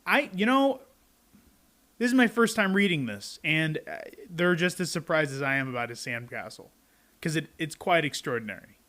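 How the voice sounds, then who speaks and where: A man's voice: fairly high pitch, fairly quick, bright, forceful tone. A young adult man reading a picture book aloud to children, adding chatty asides to his young listeners.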